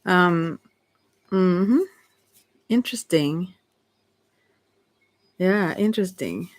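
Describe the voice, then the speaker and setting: A Swedish-accented woman, a native Swedish speaker, reads oracle cards aloud for her viewers in an unhurried, halting way, full of fillers and soft laughs. Her voice sits a little low, and the recording is close and dry. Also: no room sound. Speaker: oracle card reader. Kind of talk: casual card reading to viewers.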